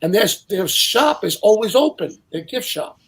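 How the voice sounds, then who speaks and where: An older man telling casual anecdotes as a guest, animated and acting out the people he quotes. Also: high voice, normal speed, slightly rough. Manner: animated storyteller who acts out quotes. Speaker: guest storyteller.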